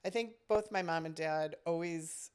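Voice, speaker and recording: A woman's voice: fairly low pitch, moderate pace, a little mellow, smooth. A woman who directs a summer camp, telling a personal story in casual podcast chat, reflective and full of "you know" fillers.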